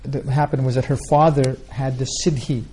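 A man's voice: mid-range voice, flat delivery, fairly quick, warm tone, slight background noise. A man answering questions at a religious gathering, telling scripture stories in a rambling way, with many restarts. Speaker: spiritual teacher answering questions. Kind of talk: informal religious Q&A talk.

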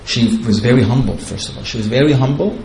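A man teaches through scripture stories, wandering into chatty asides and chuckling at his own jokes. His voice sits at a middle pitch. A faint ambient hum runs underneath. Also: fast talker, gravelly, a little mellow, rough recording. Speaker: spiritual teacher. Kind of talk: devotional storytelling lecture.

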